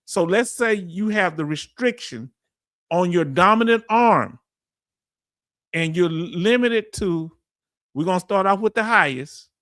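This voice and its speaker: A man with a high, slightly bright voice and a Southern US accent hosts a casual livestream, reading viewer comments aloud and explaining things in loose, chatty speech. The recording is clean studio sound with no echo.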